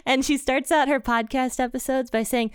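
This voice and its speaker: A woman's voice: high voice, fairly even intonation, moderate pace, clear, resonant tone, no echo, studio quality. A woman hosting a faith podcast, talking in a bubbly, enthusiastic way with frequent laughter. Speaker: podcast host.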